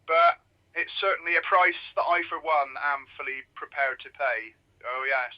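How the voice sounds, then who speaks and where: A man plays a train conductor making a chatty, mock-formal announcement that drifts into oversharing. The voice sits high for a man. It comes through a muffled, lo-fi public address sound. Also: moderate pace, lightly acted.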